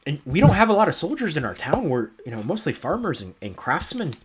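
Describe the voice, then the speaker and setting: A man voicing a shaken male villager from a farming town in a tabletop game, telling his story in a halting, nervous way. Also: on the high side, very animated, husky, exaggerated voice.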